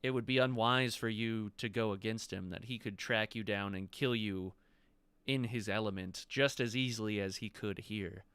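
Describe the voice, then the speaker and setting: A haughty male emerald dragon of a tabletop game, a master hunter who talks down to intruders and threatens them without raising a fuss, as a man puts him on. The voice is bright and smooth, recorded close and dry with no room around it. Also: fairly low pitch, normal speed, no room sound, natural voice. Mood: menacing. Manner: condescending and coolly threatening. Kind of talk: game master voicing a character.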